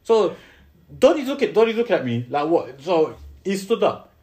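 A man's voice: high-pitched, big pitch swings, moderate pace, mellow. A young man with a London accent telling a story in casual, slangy podcast chat, repeating and restarting as he goes. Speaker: podcast co-host.

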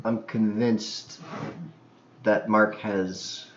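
A man's voice: lowish voice, little pitch movement, very slow, a little hiss or hum. Man from Canada, echoey dull recording. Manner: rambling, crude storytelling with frequent fillers. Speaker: podcast host. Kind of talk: casual podcast chat.

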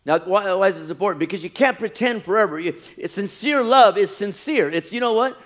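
A male pastor preaching a sermon, animated, often acting out quoted churchgoers. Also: sits high, brisk.

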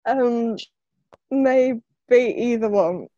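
A young woman teases her co-host on a podcast in a high, mellow voice. She talks slowly. The recording is dry and dull. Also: no echo. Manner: teasing, laughing. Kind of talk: casual chat.

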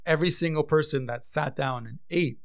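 A man who owns a vegan pub, chatting casually and telling stories, his voice often trailing off quietly. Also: on the high side, fairly quick. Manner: relaxed storyteller, trails off quietly. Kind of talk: casual chat.

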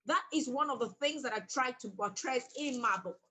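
Husky-voiced woman, emphatic. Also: sits high, brisk, bright, forceful tone, rough recording. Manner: emphatic, bold, laughs often. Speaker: author and guest. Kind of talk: animated storytelling in conversation.

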